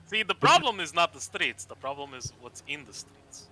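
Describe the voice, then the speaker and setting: A man's voice: on the high side, very animated, normal speed, crowd noise, poor audio. A man playing a tabletop role-playing game, talking in a hesitant, stammering way with sighs. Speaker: player. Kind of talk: casual tabletop role-play.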